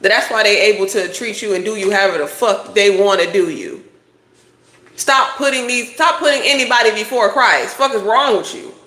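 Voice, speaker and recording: A woman gives a tarot reading in a blunt, preachy voice, swearing freely as she lectures. Her pitch sits in the middle, and the sound carries an echo from the room around her. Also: moderate pace, pushed and bright. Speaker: tarot reader. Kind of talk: casual tarot reading monologue.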